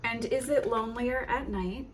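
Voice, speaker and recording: A woman hosting a tarot unboxing, reading card titles aloud in a gentle, admiring way with soft exclamations. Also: on the high side, moderate pace, a little hiss or hum. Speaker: tarot reader and channel host.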